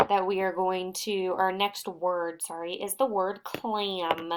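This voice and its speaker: A woman reading teacher giving a recorded phonics lesson to young children, sounding out words slowly and patiently. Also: mid-range voice, steady tone, a bit bright, a little hiss or hum.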